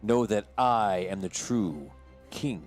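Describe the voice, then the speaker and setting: A man voicing an arrogant male usurper who claims a throne by bloodline, speaking slowly and with command. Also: on the low side, animated, soft background music, pitched below the performer's own voice. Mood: threatening. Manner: haughty and commanding, slow deliberate delivery.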